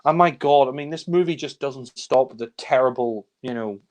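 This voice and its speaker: A man reviewing films in a casual chat, exasperated and swearing freely, sometimes mimicking characters with shouts. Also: medium pitch, moderate pace. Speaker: film reviewer. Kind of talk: casual film discussion.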